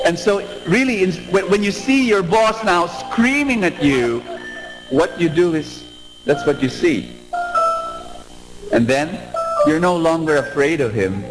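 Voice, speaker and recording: A man preaching a sermon in a large church, animated and drawing the audience in with questions. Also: fairly high pitch. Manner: animated, asks audience to respond. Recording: echoey hall with music behind.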